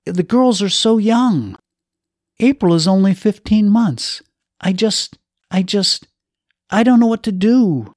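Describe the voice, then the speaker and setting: A young father, undone by grief, speaks in halting, shaky phrases as a man reads his part. The delivery is slow with wide pitch swings. Close and dry. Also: animated, a little mellow, no echo. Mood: despairing.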